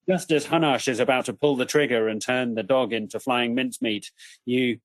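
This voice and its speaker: A man's voice: mid-range voice, no echo. A man narrating an improvised tabletop game as game master, with vivid, joking descriptions.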